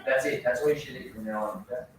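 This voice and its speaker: Encouraging karate instructor in an echoey hall. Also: male voice, mid-range voice, fast talker, background noise. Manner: encouraging, praising students often. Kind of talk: coaching a children's class. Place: indoor training hall. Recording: very echoey hall, mic far off.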